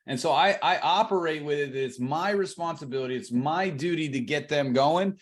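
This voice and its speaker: A man coaching real estate agents in a training talk, energetic, restarting words and slowing for emphasis. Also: fairly high pitch.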